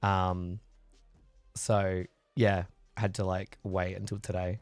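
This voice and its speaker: A man hosts a livestream, rambling and chatting with viewers, reading and answering the chat while he recovers from a chest infection and coughs now and then. His voice is low, flat and slow. There is no room sound, just faint music in the background.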